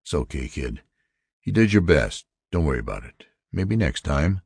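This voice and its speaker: A man's voice: rumbling low, big pitch swings, moderate pace, a little mellow, dry recording, clean studio sound, exaggerated voice. A man doing a grumbling, bitter father. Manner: gruff, irritable.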